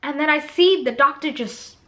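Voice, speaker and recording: A young woman vlogger telling a personal story in a casual, animated way, often turning to speak straight to her viewers. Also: high voice, normal speed. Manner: animated, chatty, keeps addressing viewers.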